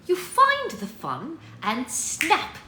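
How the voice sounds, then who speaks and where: A woman's voice: sits high, huge pitch swings, extremely slow, bright, forceful tone, a little hiss or hum, voice pushed up, full character voice. A woman voicing a prim, cheerful British nanny in a British accent, with a sing-song, proper delivery. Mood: chipper. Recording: echoey room.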